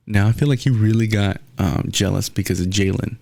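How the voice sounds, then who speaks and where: A man's voice: fairly low pitch, fairly even intonation, fairly quick, vocal fry, few pauses, mellow. A young man hosting his own podcast, ranting bluntly and profanely in a casual solo sports talk. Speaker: podcast host.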